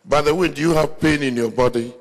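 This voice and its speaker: A man with an African accent preaching a sermon as pastor, telling stories with animation and breaking into shouts. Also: fairly high pitch, fast talker, in a large hall. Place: large church hall, live meeting.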